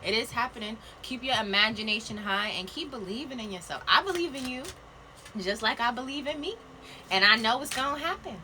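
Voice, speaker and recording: A woman's voice: on the high side, pushed and bright, slight background noise. A woman giving a casual live-stream card reading, chatty and playful, laughing often and tossing slangy asides to her viewers. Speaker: spiritual card reader. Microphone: phone live video.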